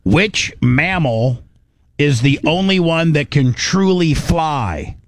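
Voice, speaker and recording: A man's voice: fairly high pitch, sing-song, takes it slowly, no room sound. A man hosting a livestream quiz, teasing and mock-exasperated with a contestant. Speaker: quiz host.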